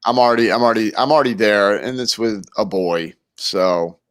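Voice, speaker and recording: Male podcast co-host, relaxed and slangy, teasing banter, dry close-miked sound. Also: fairly low pitch, a little fast, clean tone, no echo. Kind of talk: casual podcast chat.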